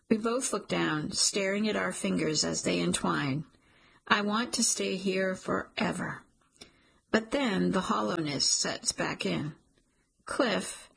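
A woman's voice: on the low side, creaky, breathy edge, rough recording. A woman narrating a romance audiobook in first person, intimate and emotional.

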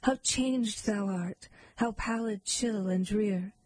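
A frightened, sorrowful young maiden pleads in a narrative poem, voiced by a woman reciting it. The voice is mellow and husky, and the pace is slow and measured. The recording is close and dry. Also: medium pitch, no echo, rough recording. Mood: sorrowful pleading. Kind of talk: reading a narrative poem aloud.

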